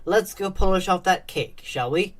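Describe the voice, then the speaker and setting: A woman voicing a gentle, loving middle-aged mother who speaks softly and reassuringly. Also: on the low side, expressive, normal speed, natural voice. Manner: soft, soothing, reassuring.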